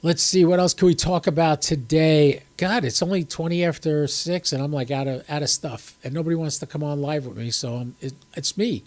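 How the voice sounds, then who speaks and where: Hosting a ham radio livestream from a room at home, an older man sits on camera and rambles to his chat with a slightly stuffy, cold-affected voice. His pitch is on the high side, his tone steady, and he talks a little fast with hardly any pauses.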